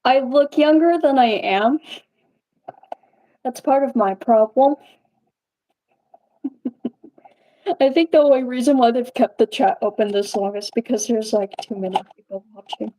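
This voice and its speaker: A woman's voice: fairly high pitch, a little slow, pauses often, warm tone, poor audio. A young woman puppeteer chatting casually on a live-stream Q&A, rambling and laughing as she talks.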